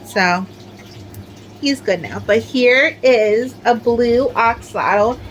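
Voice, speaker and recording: Brief: middle-aged woman, fairly high voice, rambling show-and-tell crafter, filler-heavy. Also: takes it slowly, a little hiss or hum, low-quality recording. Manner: chatty, rambling, many "like" fillers. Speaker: crochet crafter showing her amigurumi. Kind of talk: casual show-and-tell chat.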